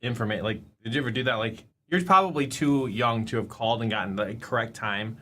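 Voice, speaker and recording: A man's voice: medium pitch, a little fast, a bit bright, slight background noise. A man co-hosting a casual livestream, laid-back with dry quips. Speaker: livestream co-host.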